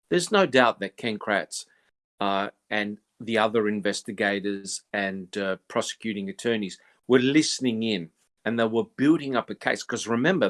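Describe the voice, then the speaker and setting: A man's voice: lowish voice, fairly bright tone. A man hosting a casual panel discussion, calling on each panelist in turn and agreeing often with them. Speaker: podcast host.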